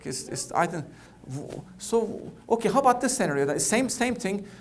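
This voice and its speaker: Halting, conversational male oncologist speaking. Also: high voice, expressive. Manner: conversational, halting, repeats words. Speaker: oncologist giving a keynote. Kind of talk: conference keynote speech.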